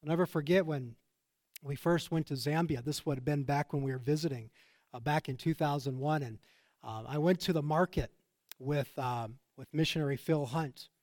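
A middle-aged pastor preaching with earnest emphasis and a slightly higher-than-usual man's voice. He leans into his points and tells personal stories along the way. The sound is dry and close, with little room echo. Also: moderate pace, a little mellow. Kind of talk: sermon.

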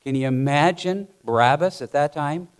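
A man's voice: on the high side, normal speed, smooth. A man preaching a sermon, telling the story dramatically and acting out the scenes himself.

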